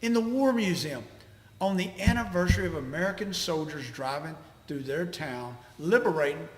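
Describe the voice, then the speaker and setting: A man's voice: fairly high pitch, expressive, normal speed. A man co-hosting a podcast, a veteran telling emphatic stories in casual chat. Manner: emphatic storytelling, swearing. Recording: echoey room with long reverb.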